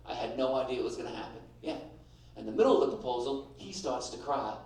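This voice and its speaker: A man's voice: medium pitch, expressive, fast talker, darkish tone, very echoey, far from the mic, poor audio. A middle-aged man doing a stand-up comedy set, brash and punchy, acting out voices. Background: audience laughter.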